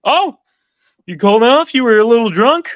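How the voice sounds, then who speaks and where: A man putting on the voice of a jovial, easygoing sales manager in a high, sing-song, amused tone. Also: big pitch swings, normal speed, a bit bright, no room sound, lo-fi sound, exaggerated voice. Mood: breezy amused.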